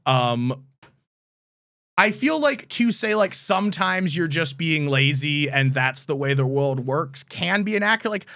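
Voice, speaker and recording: A man co-hosting a podcast, arguing his point in casual, rapid chat. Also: fairly high pitch, very animated, sharp tone. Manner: argumentative, rapid interjections. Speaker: podcast co-host.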